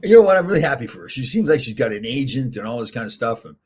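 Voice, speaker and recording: A man's voice: medium pitch, sing-song, rapid-fire, a little mellow, breathy edge. A middle-aged man hosting a casual livestream, chatting in a rambling way and reading viewer comments aloud. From Canada. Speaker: livestream host answering chat. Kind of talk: casual chat.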